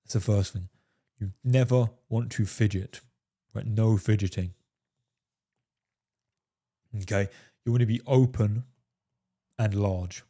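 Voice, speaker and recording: A man's voice: lowish voice, fairly even intonation, slow, long pauses, warm tone. A man talking straight to his viewers as a dating coach, emphatic and profane, peppering his talk with "fellas" and "right?". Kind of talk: coaching monologue to camera.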